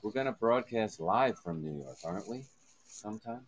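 A man's voice: on the low side, expressive, moderate pace, husky, low-quality recording. A man co-hosting a casual chat, wisecracking and swearing. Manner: wisecracking, profane. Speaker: podcast co-host.

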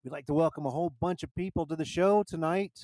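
A man's voice: on the high side, quick pace, mellow, no room sound, rough recording. A man hosting a casual live podcast, rambling with many restarts and easy laughter. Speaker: podcast host. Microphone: handheld mic.

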